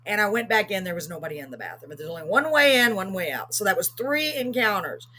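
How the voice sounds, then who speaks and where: A woman's voice: mid-range voice, animated, quick pace, sharp tone, slight background noise. A middle-aged woman, telling a story on a live talk show with emphatic, acted-out quotes. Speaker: host.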